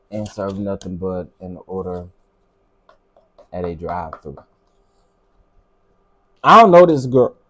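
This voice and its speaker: Middle-aged male stream host, husky and a touch high, exasperated ranting commentary. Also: a little mellow. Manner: exasperated, ranting, talks back to chat. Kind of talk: casual live commentary.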